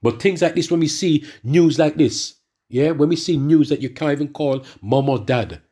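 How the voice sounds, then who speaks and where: A middle-aged man ranting in a monologue and reading scripture to the brethren, animated and repetitive, often stumbling over restarts. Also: a little high, moderate pace. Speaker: religious speaker addressing the brethren.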